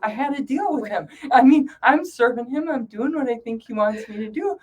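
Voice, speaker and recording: A middle-aged woman, a guest in an interview, telling her story with animated voices for her own past thoughts. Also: fairly high pitch, brisk, few pauses, slightly rough, low-quality recording.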